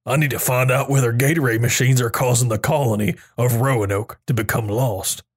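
A man doing deadpan, absurd in-character commentary while playing a game. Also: medium pitch, a little fast, slightly rough. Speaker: game video creator. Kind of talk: comedic role-play game commentary. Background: music.

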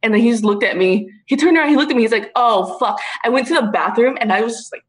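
A young woman in casual chat, telling a story in an animated way, swearing freely and calling her listeners dude and bro. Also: fairly high pitch, very fast, low-quality recording.

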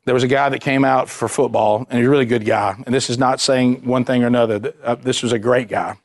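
A man's voice: medium pitch, steady tone, fast, no echo, studio quality. A man preaching a sermon, earnest and repetitive, firing off rhetorical questions. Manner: earnest, repeats words, fires rhetorical questions.

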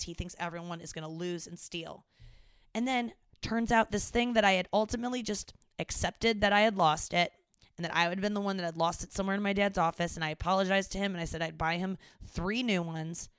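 A young woman hosting a podcast, telling a story in an animated, exasperated way and swearing now and then. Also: lowish voice, a little fast, smooth, no echo, studio quality. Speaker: podcast host. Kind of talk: casual monologue. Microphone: studio mic into a mixing board.

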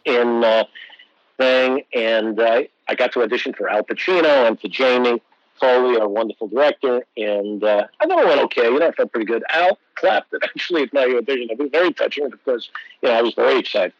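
A man in his sixties, an actor guest telling animated anecdotes and acting out the voices of people he quotes. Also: mid-range voice, a little fast, no echo, dull audio. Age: 60s. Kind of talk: storytelling interview.

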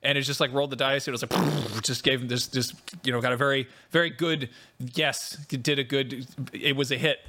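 A man co-hosting a casual podcast, telling gaming stories with animated, quick acted-out voices. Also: mid-range voice. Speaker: podcast co-host.

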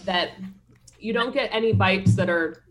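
A woman's voice: medium pitch, unhurried. A woman co-hosting a podcast, chatting casually with a wry, self-deprecating manner. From Pennsylvania, US. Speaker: podcast co-host. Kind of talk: casual chat.

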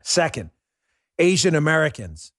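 A fired-up man hosts a political talk show and delivers his commentary as a sarcastic rant. His voice sits a little high for a man. It sounds close and dry, with no room echo. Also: very animated, a little slow, fairly bright tone. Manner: heated, sarcastic ranting. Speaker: podcast host.

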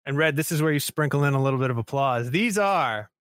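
A man's voice: mid-range voice, steady tone, rapid-fire, clean tone, no room sound, clean studio sound. A man hosting a casual podcast chat, joking and playfully sarcastic as he leads the talk. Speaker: podcast host.

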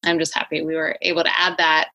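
A middle-aged woman speaks as an interview guest, eager and quick, full of restarts. Her voice sits a little low but rings bright and forceful. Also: flat delivery, creaky, low-quality recording. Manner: enthusiastic, quick, fillers and restarts. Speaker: guest, company founder. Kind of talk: conversational interview.

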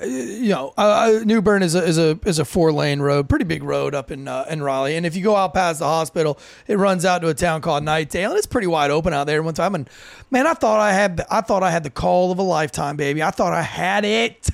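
A man with a high, rough, gravelly voice spins a story in casual podcast chat. He swears freely and acts out every person he quotes. The sound is close and dry. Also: lively intonation, fast, no room sound. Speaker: podcast co-host.

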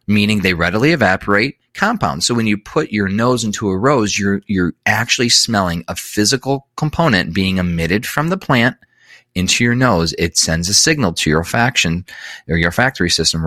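A man's voice: deep voice, pushed and bright, dry recording, clean studio sound. A man talking as an interview guest, explaining at length in an earnest way, repeating words for emphasis and correcting himself often. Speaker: guest expert.

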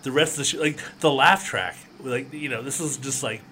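A man's voice: mid-range voice, brisk, pushed and bright, slight background noise. A man co-hosting a podcast in casual chat, rambling and laughing often. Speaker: podcast co-host.

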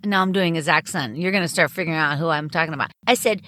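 Lowish-voiced woman telling candid stories. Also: fast talker, hardly any pauses. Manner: animated storyteller, candid. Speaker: comedian and podcaster guest. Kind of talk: casual interview chat.

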